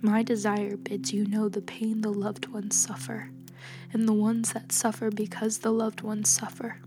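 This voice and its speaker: A woman as a soft-spoken, calm young healer. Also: medium pitch, lightly acted. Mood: grave. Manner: soft, calm, measured speech. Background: music.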